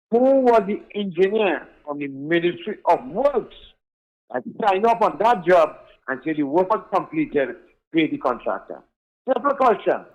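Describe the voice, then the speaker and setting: A man's voice: fairly high pitch, low-quality recording. A man calling in, pressing his questions insistently. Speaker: caller. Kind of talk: call-in complaint.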